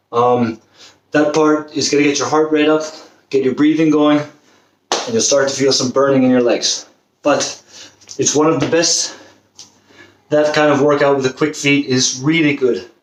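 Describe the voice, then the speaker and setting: A man's voice: mid-range voice, steady tone, normal speed, pauses often. A man coaching a football fitness workout, encouraging and demonstrating the exercises as he talks, out of breath at times. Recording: roomy, distant camera mic, faint noise.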